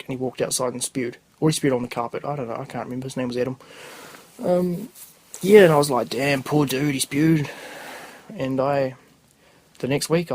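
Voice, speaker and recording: A man's voice: mid-range voice, a little mellow, rough recording. A young man with a New Zealand accent, a podcast host telling rambling, crude stories in casual slang. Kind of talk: casual storytelling.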